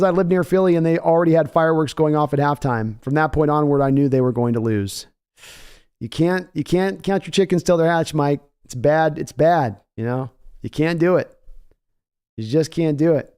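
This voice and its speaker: A man with a slightly high, darkish, clean-toned voice hosts a live sports reaction stream at a moderate pace. Chatty and hyped, he reads donations aloud and talks casually with his viewers.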